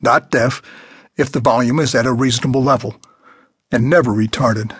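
A stiff, middle-aged physician who corrects people in a precise, formal manner, as a male narrator reads him. His voice is husky and close, with a dry, clipped delivery. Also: medium pitch, steady tone, moderate pace, dry recording.

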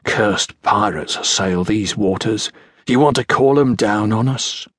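A man voicing a gruff, superstitious older male sailor who snarls and mutters his warnings in an audiobook. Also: on the low side, unhurried, a bit bright, dry recording, studio quality. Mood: snarling, hushed.

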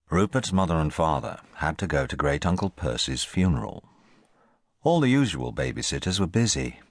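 A man reading a children's audiobook in scripted, expressive narration on a close studio mic. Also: rumbling low, no room sound. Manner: expressive storytelling.

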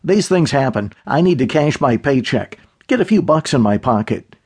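A man's voice: medium pitch, very animated, normal speed, a little mellow, husky. A man narrating an audiobook voices an easygoing, chatty young man.

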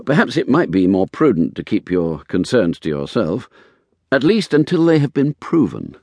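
Brief: narrator doing a reluctant, terse former investigator, low voice, dry studio read. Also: male voice, big pitch swings, normal speed, darkish tone, no room sound. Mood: cautious. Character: weary former male private investigator, reluctant. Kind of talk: audiobook character voice.

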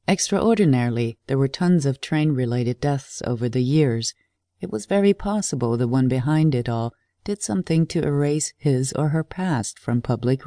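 A woman narrating a supernatural thriller audiobook in an even, measured reading. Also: rumbling low, no echo, studio quality. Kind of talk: scripted narration.

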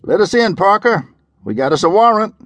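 A man voicing a gruff sheriff's deputy in an audiobook, barking loud orders. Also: sits high, animated, brisk, no echo, pitched above the performer's own voice. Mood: demanding. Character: gruff male sheriff's deputy banging on a door.

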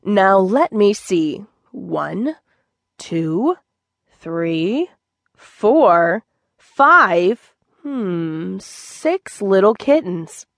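A woman's voice: mid-range voice, sing-song, extremely slow, gravelly, no echo, clean studio sound, exaggerated voice. A woman voicing a proud, boastful gray tomcat who has just become a father, in a children's audiobook. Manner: cheerful and boastful.

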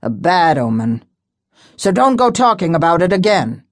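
Woman playing a gruff old sea pilot. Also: fairly low pitch, big pitch swings, normal speed, no room sound, clean studio sound. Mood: muttering. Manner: gruff, muttering.

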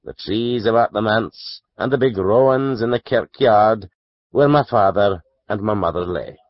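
A man narrating a classic novel as an audiobook, measured and expressive. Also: fairly low pitch, dry recording, dull audio.

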